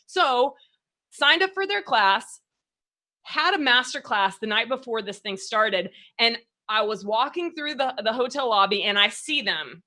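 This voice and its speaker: Bright, lively woman host. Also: fairly high pitch, measured pace. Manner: animated storyteller, laughs often, acts out her own thoughts. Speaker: podcast host. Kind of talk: casual interview chat.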